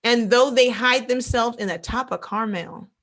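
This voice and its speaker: A woman teaching a Bible lesson in an animated sermon style, acting out quoted voices and repeating phrases for emphasis, with speech. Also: on the high side, normal speed.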